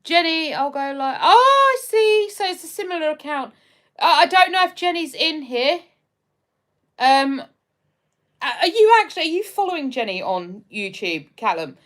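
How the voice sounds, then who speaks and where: A woman's voice: high-pitched, lively intonation, moderate pace, fairly bright tone. A woman with an English accent, hosting a casual livestream, chatting with viewers, laughing often and calling them her darling. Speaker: livestream host. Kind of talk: casual livestream chat reading comments.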